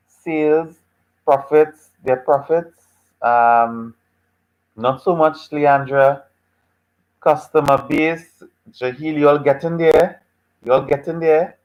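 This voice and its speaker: A man's voice: fairly high pitch, fairly even intonation, slow, long pauses, lo-fi sound. A man teaching a live online class, reacting to students' chat answers in a patient, teasing way and repeating his phrases several times. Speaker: lecturer.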